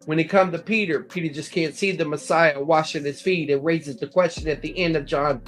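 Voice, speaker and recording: A man's voice: a little high, steady tone, a little fast, a bit bright, faint music behind. A man giving an explanatory Bible lecture, citing verses and paragraphs and sometimes restarting words. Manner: explanatory, cites verse numbers, occasional restarts. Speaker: Bible teacher. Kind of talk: lecture on scripture.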